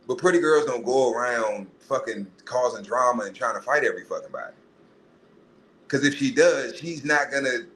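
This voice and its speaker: A man rants into his podcast mic, swearing freely and slipping into mocking voices. His voice sits at an everyday middle pitch. A faint hiss runs under the recording. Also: low-quality recording. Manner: profane, animated ranting with mocking put-on voices. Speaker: podcast host. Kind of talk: casual monologue.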